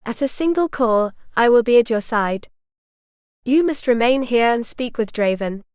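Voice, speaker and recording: A woman's voice: fairly high pitch, lively intonation, moderate pace, darkish tone, clear, resonant tone, no room sound, studio quality, close to an everyday voice. Woman voicing an earnest loyal knight. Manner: earnest, urgent.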